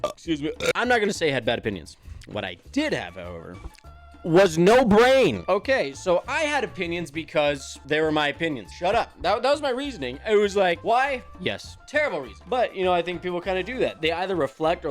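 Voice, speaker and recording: Young man, from the US, high voice, nervous, rambling, self-mocking, casual vlog, faint music. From United States. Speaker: YouTuber. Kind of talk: casual monologue to camera.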